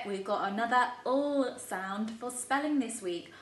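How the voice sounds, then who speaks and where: A woman with an English accent, a primary school teacher giving a spelling lesson to young children at a chalkboard, talking in a bright, encouraging way and sounding every word out clearly. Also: a little high, a little slow, far from the mic. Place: classroom with a chalkboard. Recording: echoey room, voice away from the mic.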